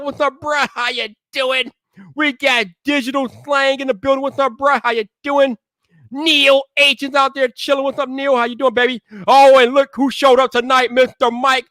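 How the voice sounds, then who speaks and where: High, bright-voiced hyped man hosting a stream. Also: dry recording, clean studio sound. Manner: hyped, playful, shouts greetings to chat. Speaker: tech live stream host. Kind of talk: casual live stream chat.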